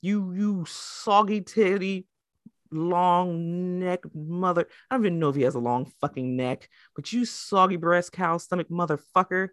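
A woman's voice: lowish voice, measured pace, dry recording, studio quality. A woman co-hosting a podcast in casual chat, cursing a lot, tripping over her restarts, and laughing through her own rants. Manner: profane, stumbling restarts, laughing asides. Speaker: podcast co-host.

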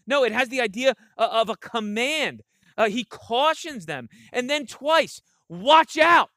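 A man's voice: extremely high pitch, pushed and bright, no echo, studio quality. A man preaching a sermon, earnest and emphatic, often repeating himself and checking in with "right?". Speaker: pastor.

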